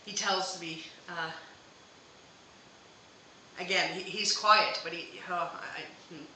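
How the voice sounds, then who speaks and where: A woman's voice: lowish voice, steady tone, slow, sharp tone, heavy reverb, a little hiss or hum, rough recording. A woman hosting a live psychic reading, talking hesitantly with many fillers and restarts. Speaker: psychic medium host.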